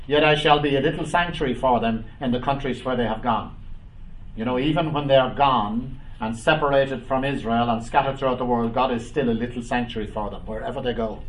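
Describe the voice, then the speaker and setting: A man preaching a Bible study, reading scripture aloud and commenting, with frequent "uh" and "um" pauses. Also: mid-range voice, fairly even intonation, distant mic, poor audio. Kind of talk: bible teaching.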